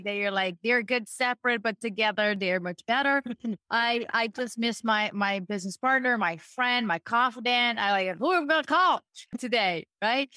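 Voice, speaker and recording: Woman co-host, bright and fairly high, emphatic and affectionate, dry close mic. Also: no echo. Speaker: podcast co-host. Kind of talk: casual chat.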